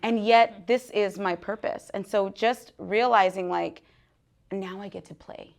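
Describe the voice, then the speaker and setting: A woman in her thirties talking candidly to an audience at a book talk, animated, laughing often and dropping to hushed asides. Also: mid-range voice, measured pace, vocal fry. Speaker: guest author speaking at a book talk. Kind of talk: casual live talk to an audience.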